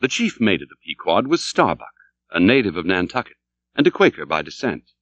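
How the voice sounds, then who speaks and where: A man reading a classic novel aloud as audiobook narrator, dramatic and expressive, in a dull, dry recording. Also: low-pitched, brisk, no room sound. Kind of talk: scripted literary narration.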